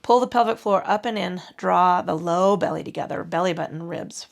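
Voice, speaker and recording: A woman leading a mat pilates class, calmly cueing breaths and movements with chatty asides. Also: lowish voice, moderate pace, vocal fry. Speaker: pilates instructor. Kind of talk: guided exercise instruction.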